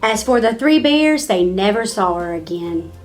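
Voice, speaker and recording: A woman reading a children's storybook aloud in an expressive, sing-song way. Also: medium pitch, normal speed, faint music behind. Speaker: storybook reader.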